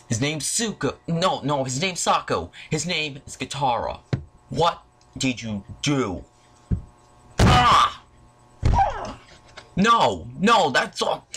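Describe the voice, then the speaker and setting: A man's voice: on the high side, fairly bright tone, a little hiss or hum. A young man recording an angry movie rant at home, irritated and profane, with exclamations throughout. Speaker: video channel host. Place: at home, in front of a disc collection.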